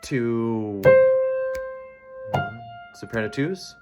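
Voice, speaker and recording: A man's voice: medium pitch, lively intonation, very slow. A man leading a choir rehearsal, counting beats and calling out measures and cues for the soprano sections over piano. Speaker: choir director. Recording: loud piano accompaniment behind the voice.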